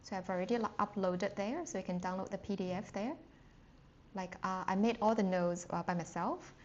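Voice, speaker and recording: A woman teaching a live online Mandarin lesson, speaking slowly and patiently with frequent fillers and quick apologies, jumping to a high sing-song pitch to demonstrate tones. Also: steady tone, darkish tone, dull audio, slight background noise.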